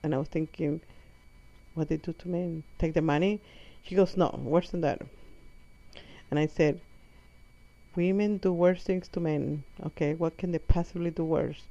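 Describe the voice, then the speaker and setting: A woman's voice: sits low, fairly even intonation, normal speed, mellow, dry recording. Woman telling a rambling comic story. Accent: non-native English. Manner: rambling, self-correcting, acts out her mother's lines. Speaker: comedic storyteller. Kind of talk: comic monologue. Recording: muffled lo-fi audio.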